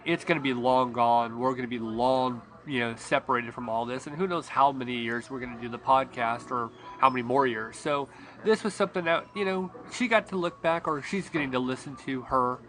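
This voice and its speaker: A man's voice: mid-range voice, brisk, fairly bright tone. A man hosting a podcast in casual chat. He rambles with restarts and laughs often. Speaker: podcast host.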